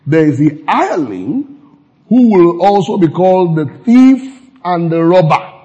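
Slow, emphatic Nigerian pastor in a hall. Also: male voice, a little high, very animated, warm tone. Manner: emphatic, repeats key phrases, laughs at his own jokes. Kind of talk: sermon. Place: church. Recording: reverberant church hall.

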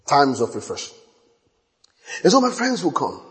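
High-voiced preacher in a reverberant hall. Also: male voice, wildly swooping pitch, normal speed. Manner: exuberant, repetitive storytelling with sudden high shouts and hushed asides. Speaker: pastor. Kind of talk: sermon.

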